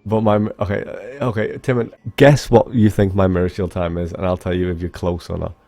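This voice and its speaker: A young man with a deep, low-pitched voice talks loosely to his stream viewers, swearing now and then and jumping between thoughts. Faint music plays under his chatter. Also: little pitch movement, fairly quick, vocal fry, mellow. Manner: rambling, swearing, talks straight to chat. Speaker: speedrunner streamer. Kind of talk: casual livestream chat with viewers.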